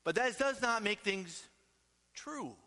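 A middle-aged male pastor with a high, bright, ringing voice preaches emphatically, tossing out rhetorical questions to his congregation. His words trail off into the long reverb of a large church hall. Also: expressive, slow. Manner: emphatic, peppered with rhetorical "right?". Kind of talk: sermon.

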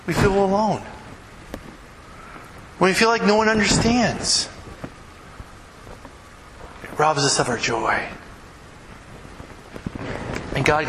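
A man preaching a sermon in a church, conversational and earnest, often checking in with the congregation. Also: high-pitched. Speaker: pastor. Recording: echoey hall with background noise.

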